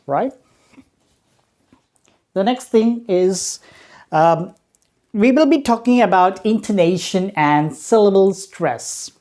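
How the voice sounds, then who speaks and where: A woman with a lowish, mellow voice explains a training course step by step. She pauses often on "uh" and keeps checking in with "right?" and "okay". Her delivery is patient and explanatory. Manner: hesitant, frequent "uh" pauses. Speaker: voice and accent trainer.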